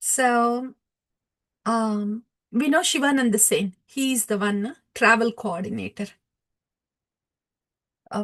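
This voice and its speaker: A woman with a fairly high voice retells a devotional story to her listeners. She speaks with hesitations and fillers, in a relaxed lecture manner. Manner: hesitant, many fillers, warm laughs.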